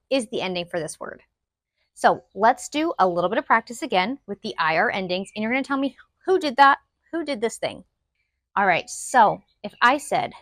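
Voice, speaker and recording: A woman's voice: medium pitch, fairly bright tone, dry recording. Woman Spanish teacher, upbeat and casual, quizzing the viewers, dry close recording.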